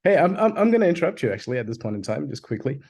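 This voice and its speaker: A man co-hosting a live online training, casual and jokey, cutting in with quick remarks. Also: a little high, very animated, a little mellow. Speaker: co-host.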